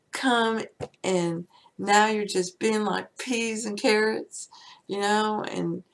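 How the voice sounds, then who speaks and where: A woman hosting an inspirational spiritual talk, asking the listener many rhetorical questions. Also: mid-range voice. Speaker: spiritual teacher and host.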